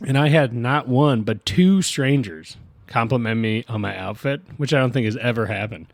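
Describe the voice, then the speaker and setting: Man, podcast co-host, mid-pitched and self-mocking, dry close mic. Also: normal speed, vocal fry, dry recording. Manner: jokey, self-mocking storyteller. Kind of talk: casual chat.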